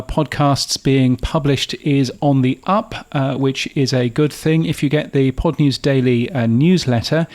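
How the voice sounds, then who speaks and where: A man hosts a podcast in a chatty, wry way, often restarting his sentences. His voice has a gravelly edge at a middling pitch. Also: darkish tone. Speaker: podcast news host. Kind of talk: casual podcast chat.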